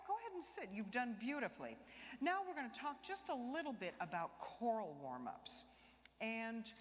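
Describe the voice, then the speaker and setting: A woman choir director with a mid-range voice leads a live vocal warm-up workshop in a large church, and the recording carries its long reverb. She demonstrates exercises by singing and encourages the group with light jokes.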